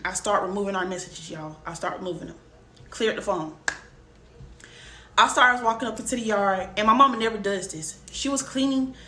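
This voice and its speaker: A young woman vlogger casually tells a personal story, speaking emphatically right to her viewers. Her voice is mid-range, with a bright, forceful tone. The room sounds roomy, with faint background noise.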